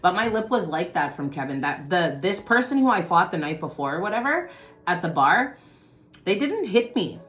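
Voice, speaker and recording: A woman telling a personal story to her viewers in casual talk, swearing often and swinging from low muttering to loud outbursts. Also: big pitch swings, normal speed.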